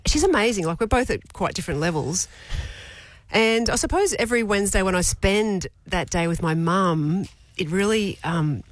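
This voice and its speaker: A woman's voice: medium pitch, animated, moderate pace, no echo. An Australian woman in her forties, co-hosting a casual chat and telling candid stories with frequent laughs. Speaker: radio co-host.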